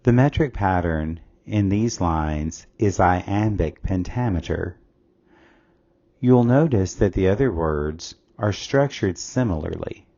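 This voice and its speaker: Deep slow guy reading out quiz questions and answers, kinda dull lo-fi sound. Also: darkish tone. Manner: measured, reads questions and answer options aloud. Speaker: tutor. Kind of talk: scripted test-prep lesson.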